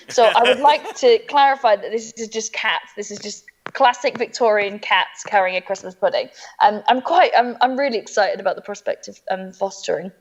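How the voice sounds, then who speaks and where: A woman's voice: medium pitch, moderate pace, few pauses, lo-fi sound. A woman telling self-deprecating stories in casual chat over a video call, with lots of fillers. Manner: self-deprecating storytelling, chatty, many fillers. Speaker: comedian guest.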